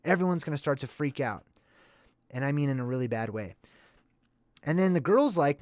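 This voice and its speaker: A man hosting a casual movie commentary video, talking in a chatty, excitable and rambling way. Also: fairly high pitch, normal speed, dry recording, studio quality.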